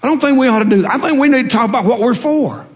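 A man's voice: extremely high pitch, very fast. A man pastor preaching a sermon, folksy and conversational, telling homespun stories and rising to emphatic peaks. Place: church sanctuary. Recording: long hall reverb.

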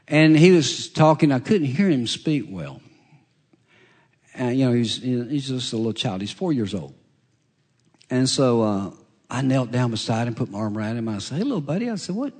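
A middle-aged man preaching a sermon in a conversational way, pausing and restarting, his pitch swinging up and down. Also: a little mellow. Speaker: pastor.

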